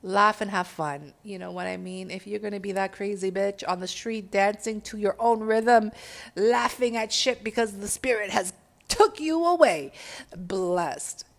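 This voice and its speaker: A woman's voice: mid-range voice, unhurried, gravelly. A woman giving a casual spiritual talk to her followers, urging and swearing freely as she speaks. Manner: profane, exhortative, laughs at own words.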